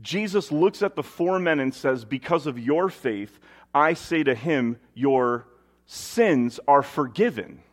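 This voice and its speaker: A man delivering a sermon in a mid-pitched voice, moving between scripture readings and casual, conversational asides. He keeps asking his listeners rhetorical questions as he builds his point. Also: expressive, takes it slowly. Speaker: preacher.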